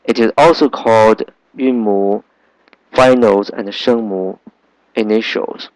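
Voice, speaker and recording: Male language teacher, unhurried, patient, drills sounds over and over, dry close sound. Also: on the low side, steady tone, a little mellow, dry recording, poor audio. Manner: slow, patient, repeats sounds in drills with many fillers. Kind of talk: language lesson.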